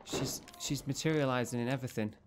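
A man playing a horror game on his channel and talking through it. His voice sits at an ordinary middle pitch, and he swears often and breaks into sudden panicky outbursts when he gets scared. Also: fast talker, background noise. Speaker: gameplay channel host. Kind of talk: horror let's play commentary.

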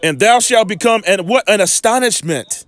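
A man's voice: sits high, expressive, moderate pace, fairly bright tone. A man giving informal scripture teaching, reading verses aloud and breaking in with emphatic rhetorical questions. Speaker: Bible teacher.

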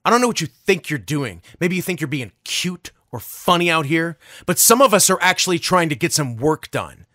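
A man voicing an irritated man from a meeting who scolds him to keep quiet, in an indignant, lecturing manner. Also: fairly high pitch, sing-song, moderate pace, hardly any pauses, no echo, studio quality. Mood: annoyed scolding.

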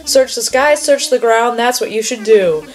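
A woman's voice: fairly high pitch, normal speed, voice pushed up, lightly acted. A woman reading aloud the lines of a chirpy male bunny in a costume, in a sing-song rhyming patter. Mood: cheery. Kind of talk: reading game dialogue aloud.

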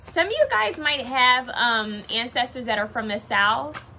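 A woman's voice: a little high, expressive, a little slow, gravelly, pushed and bright, a little hiss or hum. A young woman giving a casual pick-a-card tarot reading, chatting and thinking aloud as she pulls cards.

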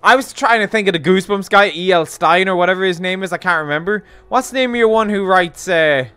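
Talking fast, a man from Ireland streams a game with casual, sarcastic commentary, full of rambling and jokey rants. His voice sits high with a fairly bright, clean tone, and the recording is dry.

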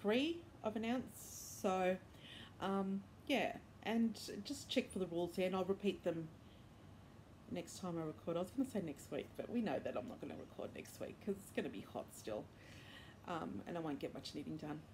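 A woman's voice: on the low side, moderate pace, darkish tone, a little hiss or hum. A woman hosting a knitting podcast, chatting casually and rambling with many fillers and restarts. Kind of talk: casual chat. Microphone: iPad.

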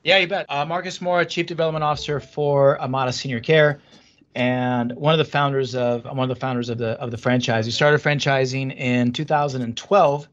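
A man speaking as a franchise executive guest in a casual podcast interview, rambling and animated, with many restarts and fillers, from a home office at a standing desk over a video call. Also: mid-range voice, fairly quick, highs cut off.

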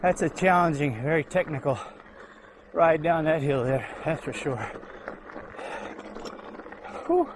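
A man's voice: a little high, slow pace, long pauses, background noise. A man vlogging as he rides a mountain bike down a trail outdoors, out of breath and sighing between remarks. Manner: breathless exclamations, lots of sighs and whews. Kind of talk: narrating while riding.

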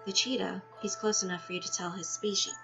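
A woman's voice: medium pitch, flat delivery, fairly quick, gravelly. A woman reading a text game aloud with her own asides, now and then tripping over words and laughing at herself. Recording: dull lo-fi sound with music behind.

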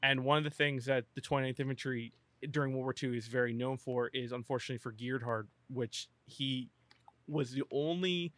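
A man co-hosts a podcast and speaks at a mid pitch. He stumbles and restarts as he gets excited. The recording is dry and close. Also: no echo. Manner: halting, stammering restarts, excitable. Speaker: podcast co-host. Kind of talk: casual podcast chat.

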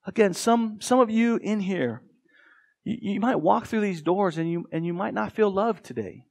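A man's voice: high-pitched, animated, normal speed, gravelly, darkish tone. A man with an American accent preaching a sermon as pastor, earnest and emphatic. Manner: earnest, emphatic, with dramatic quoted voices.

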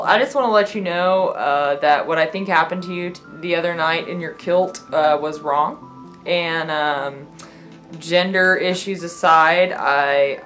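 A woman's voice: low voice, fairly bright tone. Effusive rambling woman vlogger. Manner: effusive, rambling, with frequent fillers and restarts. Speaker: vlogger answering viewer questions. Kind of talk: casual chat to camera.

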